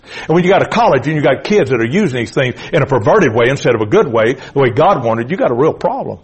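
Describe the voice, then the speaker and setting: Husky-voiced preacher, forceful cadence. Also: male voice, medium pitch, very animated, fast talker, low-quality recording. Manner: emphatic, blunt, repetitive preaching cadence; calls out to the congregation. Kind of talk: fiery sermon.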